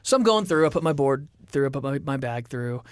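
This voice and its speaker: Animated storytelling man on radio. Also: medium pitch, fairly quick, clear, resonant tone, dry recording. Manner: animated storyteller, acts out every voice in his tale. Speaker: radio show host. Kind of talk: casual radio chat. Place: radio studio.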